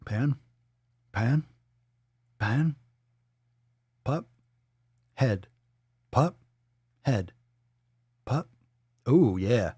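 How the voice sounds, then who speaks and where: A man's voice: mid-range voice, expressive, drawn-out words, pauses often, darkish tone, slightly rough, dry recording, clean studio sound. A man hosting a casual livestream, playful and swearing freely, cooing at his dog in baby talk. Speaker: livestream host.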